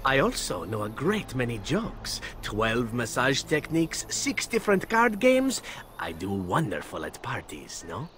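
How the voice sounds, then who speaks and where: An actor playing a charming, flirtatious male elf assassin in a video game, smooth and flattering. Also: medium pitch, a little slow, a little hiss or hum. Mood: playful.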